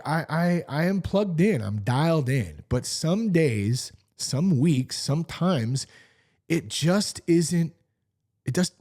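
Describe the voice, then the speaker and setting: Guy in his 40s doing a solo podcast, warm low-key tone but fired up, swears a lot. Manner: animated, candid, swears freely. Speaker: podcast host. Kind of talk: casual solo podcast talk.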